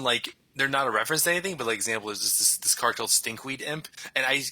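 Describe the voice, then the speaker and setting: A man's voice: mid-range voice, lively intonation, fast talker, sharp tone, poor audio. A young man chatting casually and rambling, often laughing as he talks. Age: young adult. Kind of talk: casual conversation.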